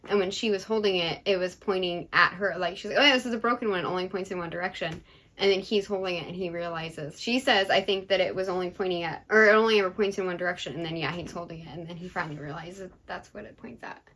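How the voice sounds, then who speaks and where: A young woman co-hosts a casual book talk. She backs up her friend with quick agreement and walks through the plot. Now and then she reads a passage from the book out loud. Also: fairly low pitch, steady tone, low-quality recording. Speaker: book podcast co-host.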